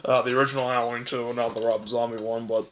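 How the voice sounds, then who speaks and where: Bright-voiced young man rambling casually. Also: mid-range voice, little pitch movement, fast, a little hiss or hum. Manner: rambling, heavy fillers and self-corrections. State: hiccups, voice cracking. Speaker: movie reviewer. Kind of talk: casual ranking chat.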